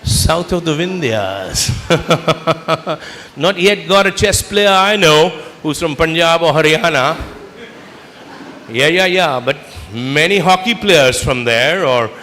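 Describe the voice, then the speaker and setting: Man, bright forceful voice, questioning a student audience, school hall reverb. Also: fairly high pitch, animated, takes it slowly, a little hiss or hum. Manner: interactive, quizzes the audience with questions. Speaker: chief guest speaker. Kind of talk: motivational speech to students. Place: school auditorium. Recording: echoey hall, faint ambience.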